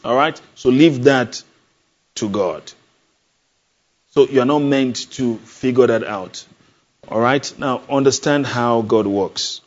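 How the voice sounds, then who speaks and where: Male pastor, mid-pitched, preaches with emphatic questions and repetition; lo-fi capture. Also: slow pace, long pauses. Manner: emphatic, call-and-response questions, repeats phrases. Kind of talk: sermon. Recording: dull lo-fi sound.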